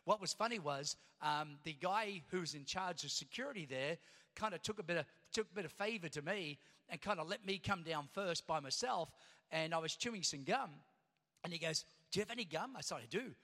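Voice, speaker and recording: A middle-aged man preaching a sermon as pastor, telling a story and then rising to loud preaching. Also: on the high side, lively intonation, normal speed. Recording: long hall reverb.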